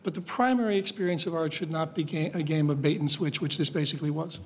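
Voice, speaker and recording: A man's voice: on the high side, fast talker, a little hiss or hum. A man speaking as a critic on a discussion panel, blunt and opinionated.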